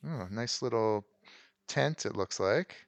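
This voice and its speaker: A man's voice: lowish voice, animated, takes it slowly, creaky, dry recording. A man hosting a let's play, giving casual gameplay commentary in a rambling way with frequent ums. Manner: rambling, many ums and restarts.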